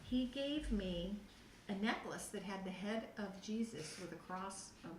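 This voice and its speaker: A middle-aged woman telling her personal testimony to a youth group, animated and acting out her own past reactions. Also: mid-range voice, a little slow. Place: church youth room. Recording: echoey room, voice from far off the mic, faint noise.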